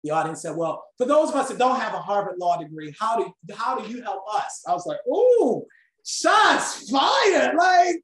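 A woman instructor leads a live class with animated storytelling. She acts out quotes with lively swings in voice. The room is echoey. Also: medium pitch, fast, few pauses. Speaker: communication instructor.

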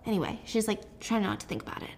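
A young woman casually recapping a novel in a gossipy, animated way, full of fillers like "like". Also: mid-range voice, quick pace. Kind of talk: casual chatty book recap.

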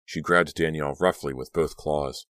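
A man with an extremely deep voice narrates a horror audiobook. His reading is steady and dramatic. The sound is dry and close-miked, with almost no room echo. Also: moderate pace.

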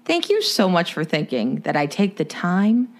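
Woman, podcast co-host, chatty and bubbly, lowish voice, animated pitch. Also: normal speed. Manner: chatty, bubbly, laughs while talking. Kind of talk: casual podcast chat.

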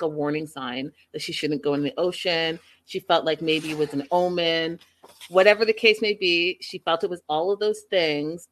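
A woman recapping a reality show episode for her viewers in a casual, gossipy, incredulous way. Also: low voice.

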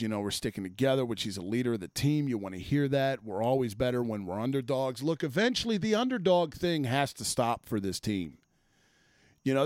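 A man's voice: fairly high pitch, a little mellow, no room sound, studio quality. A man hosting a sports podcast, ranting casually with plenty of swearing and exasperated asides. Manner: profane, exasperated, rambling.

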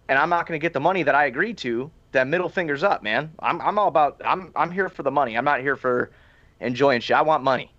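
A man's voice: on the high side, a bit bright, no room sound. A man co-hosting a casual sports podcast, emphatic and profane, laughing often. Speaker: podcast co-host. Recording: muffled lo-fi audio.

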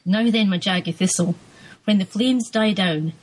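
A woman's voice: medium pitch, normal speed, lightly acted, poor audio. A woman reading the lines of an earthy Scottish woman full of folk lore, homely and scolding, in a Scottish accent. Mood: knowing. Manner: homely, scolding, sure of fate.

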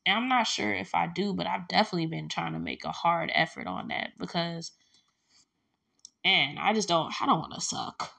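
A woman's voice: lowish voice, normal speed, creaky. A woman telling a long personal story in a casual, rambling way, acting out the back-and-forth with lots of filler words. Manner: rambling, animated, acts out quoted exchanges with filler words.

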